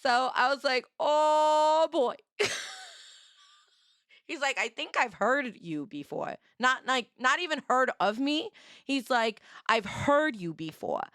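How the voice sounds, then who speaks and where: A young woman streamer telling a story in a casual, animated way, laughing and acting out the people she quotes. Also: sits high, measured pace, dry recording, clean studio sound.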